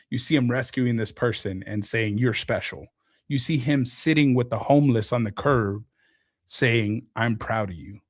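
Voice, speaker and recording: A man's voice: medium pitch, dry recording, studio quality. Earnest man in casual podcast chat. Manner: earnest, heartfelt, reflective. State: emotional, close to tears. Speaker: podcast guest, content creator.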